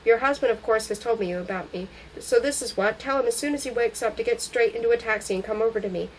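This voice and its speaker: A woman's voice: fairly high pitch, slight background noise, close to an everyday voice, poor audio. Woman reading as a pushy man on the phone. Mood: brisk. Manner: brisk and insistent. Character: brisk, pushy middle-aged man on the phone.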